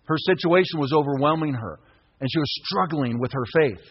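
A man around fifty preaching a sermon as pastor, impassioned, breaking into shouts. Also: on the high side, a little fast, slightly rough. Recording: echoey hall, dull lo-fi sound.

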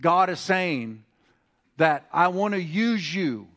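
Man preaching with high-pitched, emphatic swings. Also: expressive, slow. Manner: emphatic preaching that swings from quiet to rising exhortation; conversational asides and repeated restarts. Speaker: pastor. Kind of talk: sermon.

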